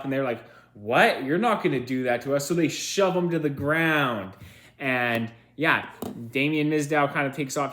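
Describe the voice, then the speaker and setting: Male reviewer, mid pitch, casual rambling recap, lots of fillers. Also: a bit bright. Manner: rambling, filler-heavy, self-correcting. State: tired, yawning. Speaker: wrestling reviewer.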